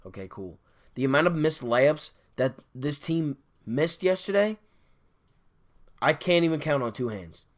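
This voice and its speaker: A man's voice: fairly high pitch, expressive, measured pace. A man hosting a sports podcast, delivering an exasperated solo fan rant, repeating his complaints over and over. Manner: exasperated, repetitive ranting.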